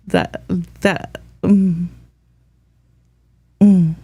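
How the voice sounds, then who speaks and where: A blunt, foul-mouthed woman vlogger rants in a casual, sassy way, her voice a little strained. Her voice sits on the higher side. The sound is dry and close, with no room echo. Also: normal speed. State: struggling voice, hard to talk. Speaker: drama commentary vlogger. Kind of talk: casual ranting commentary.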